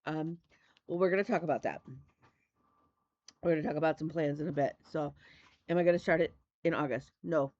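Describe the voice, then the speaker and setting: A woman's voice: deep voice, brisk, pauses often, a little mellow, dry recording, highs cut off. A middle-aged woman from Michigan chatting casually as the host of a stitching video, effusive and repetitive in her enthusiasm. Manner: chatty, effusive, repeats "love me a". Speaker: flosstube host. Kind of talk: casual chat.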